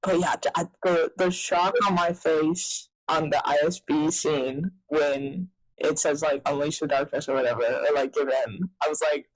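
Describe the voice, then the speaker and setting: Excitable chatty woman host, rambly, lots of likes, dry close sound. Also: low-pitched, normal speed, few pauses, no echo, poor audio. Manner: rambling and excitable, full of fillers. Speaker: podcast host. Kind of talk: casual chat.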